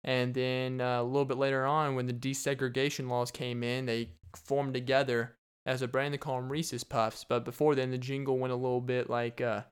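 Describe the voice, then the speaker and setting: A man's voice: medium pitch, level tone, normal speed, few pauses, clean tone. A young man hosting a casual solo podcast, rambling and joking and laughing often. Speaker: podcast host.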